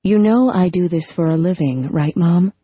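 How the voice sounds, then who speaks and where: A woman voicing Phoebe, a grown daughter speaking calmly and dryly in an audiobook. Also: lowish voice, moderate pace, breathy edge, no echo, muffled recording. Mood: restrained. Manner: dry, controlled, quietly firm.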